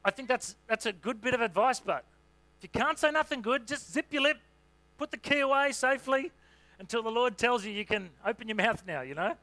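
Bright, high-voiced pastor preaching casually. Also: male voice, lively intonation, brisk. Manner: conversational, filler-heavy preaching with frequent "you know". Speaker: senior pastor. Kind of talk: sermon.

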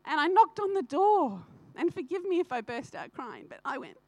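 A woman's voice: high-pitched, big pitch swings, normal speed, a little mellow, dry recording, lo-fi sound. A woman giving an earnest personal testimony in church, often laughing and speaking straight to the congregation.

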